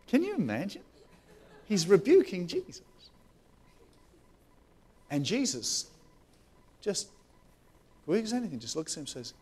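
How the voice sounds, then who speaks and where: A man preaching a sermon as pastor, animated, with restarts and rising questions. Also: sits high, a little slow, pauses often, slightly rough. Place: church.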